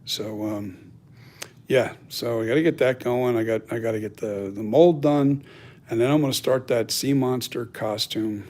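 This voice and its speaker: A man in an unscripted workshop vlog, sharing plans with his viewers in a loose, meandering way. His voice sits at an ordinary middle pitch, and he fills his pauses with uhs and ums as he works out his thoughts. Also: fairly even intonation, darkish tone. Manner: rambling, thinks aloud with many fillers. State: has the hiccups. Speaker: costume and mask maker.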